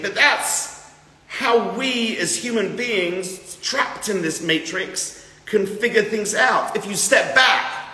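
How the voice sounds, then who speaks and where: A man teaching a class as a rabbi to a live group, animated, swinging from loud emphatic bursts to quiet asides. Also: high-pitched. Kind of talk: lively lecture to a live group. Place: large room with an audience. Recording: roomy hall with long reverb.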